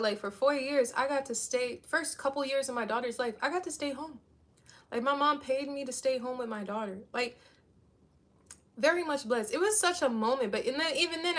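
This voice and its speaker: A woman's voice: high-pitched, fairly quick, fairly bright tone. A woman in her thirties chatting casually to her viewers, rambling and saying "like" a lot. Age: 30s. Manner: rambling, heavy use of "like". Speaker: vlogger.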